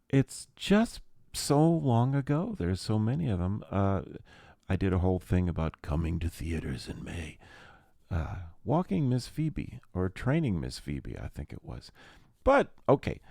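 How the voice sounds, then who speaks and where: A man's voice: lowish voice, gravelly, warm tone, no echo, studio quality. A man hosting a podcast, rambling through a casual comic monologue full of jokey, self-mocking asides. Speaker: podcast host.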